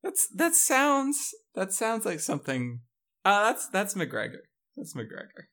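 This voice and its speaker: A man's voice: high-pitched, wildly swooping pitch, a little slow, sharp tone. A man guessing quotes on a casual podcast, stammering and joking as he goes. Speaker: podcast guest and quiz contestant.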